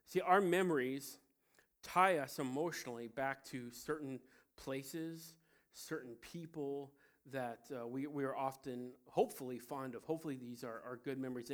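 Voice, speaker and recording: Male pastor, 30s, from Ohio; casual, joking sermon delivery, mid-pitched voice. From Cincinnati, Ohio. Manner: conversational, joking asides.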